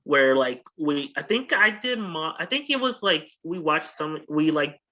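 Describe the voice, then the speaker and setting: A man with a fairly high, bright voice rambles through a casual podcast chat, circling back with lots of "like" and restarts. The audio is a bit dull and lo-fi. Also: lively intonation, a little slow. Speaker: podcast co-host.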